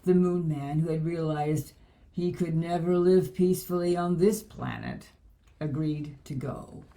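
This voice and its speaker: A woman reading a children's book aloud in a gentle, measured way. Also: sits low, fairly even intonation.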